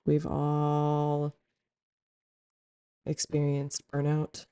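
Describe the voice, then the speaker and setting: A woman's voice: low-pitched, little pitch movement, unhurried, gravelly, dark tone. A woman giving a reflective spiritual talk to her viewers, meandering and heartfelt, with frequent fillers. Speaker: spiritual content creator.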